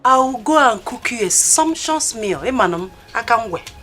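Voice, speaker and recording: A woman's voice: on the high side, lively intonation, moderate pace, a bit bright. A Nigerian woman acting a playful best friend who coaxes and teases an angry friend. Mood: coaxing. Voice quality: coaxing and teasing. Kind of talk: film drama. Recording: film soundtrack with music.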